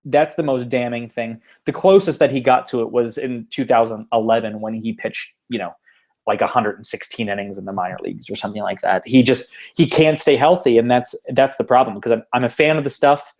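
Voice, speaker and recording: Talking a little fast in a mid-range, slightly mellow voice, this man hosts a casual sports podcast. He rambles, restarts, and leans on fillers, heard through a home computer mic on an online call.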